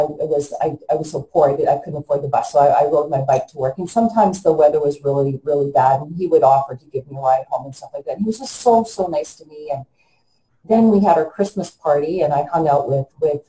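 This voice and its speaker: Earnest, mellow-voiced woman in her fifties. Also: low-pitched, roomy sound, rough recording. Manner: halting, earnest, with frequent restarts. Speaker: interview guest. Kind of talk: personal storytelling in an interview.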